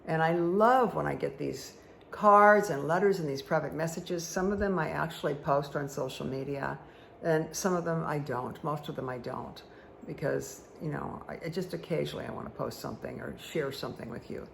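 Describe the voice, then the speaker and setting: A woman's voice: sits low, normal speed, gravelly, a bit bright, a little hiss or hum. A woman giving a card reading for her viewers, chatty and rambling, who often checks in with "okay?". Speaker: spiritual guide reading tarot and angel cards. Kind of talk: casual talk to viewers while reading cards.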